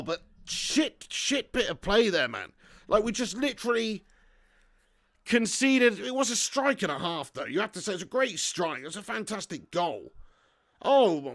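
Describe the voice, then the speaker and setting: High-voiced football fan host. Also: male voice. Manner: reads viewer chat aloud, swears freely, erupts into shouting at goals. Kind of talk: live football watch-along commentary. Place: home setup in front of a green screen.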